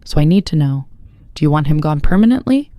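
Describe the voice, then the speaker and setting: A narrator voicing a protective mafia boss, a man who speaks in a calm, measured way. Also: medium pitch, dry recording. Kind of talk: scripted audiobook narration.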